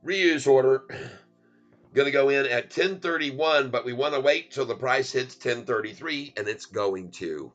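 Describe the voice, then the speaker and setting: Slow, bright-voiced playful man. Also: mid-range voice, dull audio, soft background music. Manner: playful, laughs often, chants goofy rhymes. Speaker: stock trading streamer. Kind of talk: casual live trading commentary.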